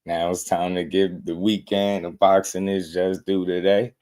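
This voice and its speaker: A man with a New Jersey accent hosting a casual boxing livestream, laughing often and chatting in relaxed slang with his viewers. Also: low voice, measured pace.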